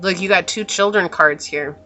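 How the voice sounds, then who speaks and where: A woman giving a pick-a-card tarot reading in a musing, soft-spoken way, often trailing off and correcting herself. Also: on the low side, normal speed. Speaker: tarot reader.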